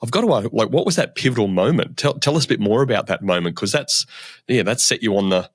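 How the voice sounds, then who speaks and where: Male host, low-pitched, halting questioner, dry close audio. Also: animated, dry recording. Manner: halting, repeats words as he asks. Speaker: podcast host. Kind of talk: interview questions.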